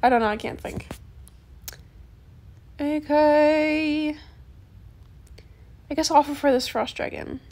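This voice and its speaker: Slow, creaky young woman chatting softly. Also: sits high, steady tone. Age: young adult. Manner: chatty, soft-spoken, calls viewers bestie. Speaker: gaming YouTuber. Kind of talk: casual gameplay chat. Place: quiet bedroom late at night. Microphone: phone.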